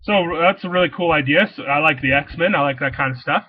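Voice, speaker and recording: A man's voice: a little high, brisk, husky, dry recording, highs cut off. A man casually rambling through his thoughts on new comic books, enthusiastic and full of fillers and restarts. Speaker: comic shop owner reviewing new comics.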